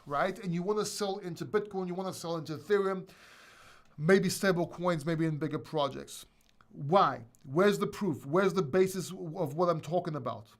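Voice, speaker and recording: Male live-stream host, high-pitched, blunt and emphatic, slightly breathless. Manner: blunt, emphatic, repeats himself, swears. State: short of breath, a little sick. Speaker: crypto channel host. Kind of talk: live stream Q&A, opinionated rant.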